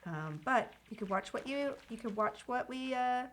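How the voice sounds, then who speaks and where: A woman's voice: on the high side, animated, normal speed, fairly bright tone, slight background noise. A woman streaming a video game, chatting casually with viewers and reading game dialogue aloud. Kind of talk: casual live-stream chat.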